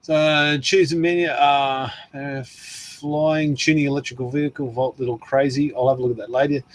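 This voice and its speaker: A man's voice: mid-range voice, fairly even intonation, normal speed, no room sound. A man with an Australian accent, hosting a casual livestream, rambling and laughing as he answers viewers. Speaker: livestream host. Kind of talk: casual livestream chat reading comments.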